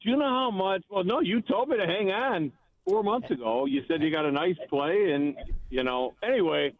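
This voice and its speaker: A man's voice: high-pitched, animated, no room sound. A man calls in to a radio show and rambles, stopping and starting as he talks. His slightly raised voice comes through a thin phone line that sounds tinny. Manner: rambling, halting. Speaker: caller. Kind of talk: phone-in chat.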